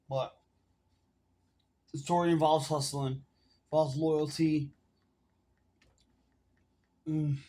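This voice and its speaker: A man's voice: fairly high pitch, level tone, slow pace, pauses often, mellow, slight background noise. A man in his forties telling a long personal story to his phone camera in casual, rambling street slang full of swearing. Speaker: vlogger.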